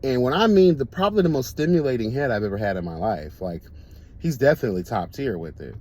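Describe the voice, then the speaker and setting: A man hosting a casual talk show, telling stories in a camp, animated way and laughing often. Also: medium pitch, fast. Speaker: host. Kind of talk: casual storytelling chat.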